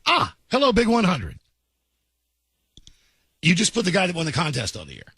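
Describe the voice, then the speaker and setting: A man's voice: high-pitched, wildly swooping pitch, normal speed, bright, forceful tone, breathy edge, no echo. A man hosting a morning radio show, teasing his callers with wisecracks. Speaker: radio host. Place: radio studio.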